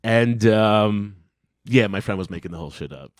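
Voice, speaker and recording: A young adult man, a comedian co-hosting a podcast, telling a story casually, swearing a lot and jumping into loud impressions of the people in it. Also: fairly low pitch, lively intonation, normal speed, no room sound, studio quality. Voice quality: profane, wisecracking delivery. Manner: acts out quoted lines in a jumped-up loud voice.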